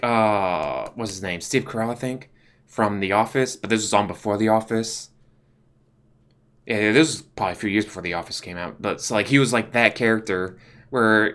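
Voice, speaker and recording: A man's voice: fairly low pitch, normal speed, a bit bright. A young man, casually reviewing TV shows in a rambling way, full of fillers and restarts. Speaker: YouTube host.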